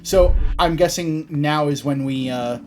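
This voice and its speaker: A let's play host chatting casually and joking while reading game dialogue aloud, at an average pitch. Game music runs clearly underneath. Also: measured pace. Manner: jokey, rambling, reads game dialogue aloud. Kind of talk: casual gameplay commentary.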